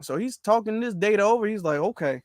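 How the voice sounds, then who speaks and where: High-voiced, mocking male commentator. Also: quick pace, no echo, studio quality. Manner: mocking, slangy, animated. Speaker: political commentator. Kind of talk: casual political commentary.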